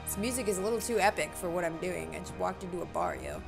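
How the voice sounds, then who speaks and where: Chatty woman doing let's-play commentary, jokes at herself a lot, quiet game music in the back. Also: fairly low pitch, fast, gravelly. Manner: chatty, joking, self-mocking. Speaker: gaming channel host.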